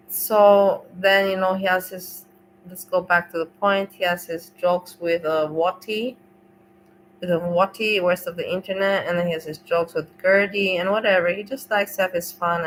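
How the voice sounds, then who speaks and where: A woman's voice: lowish voice, slight background noise, poor audio. A woman hosting a livestream, chatting casually in a rambling, emotional way and swearing freely. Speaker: livestream host.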